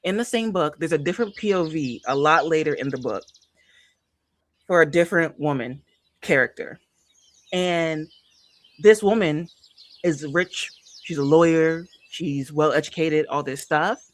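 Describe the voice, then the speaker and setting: This casual book livestream features an emphatic, animated host who repeats phrases for effect and keeps addressing the audience directly. The voice is mid-pitched and the pace is measured.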